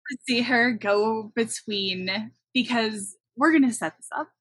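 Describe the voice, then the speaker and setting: A woman's voice: a little high, unhurried, a bit bright, breathy edge, dry recording, rough recording. Woman co-host recapping a movie, dry close sound, wry. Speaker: podcast co-host. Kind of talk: casual chat recapping a movie.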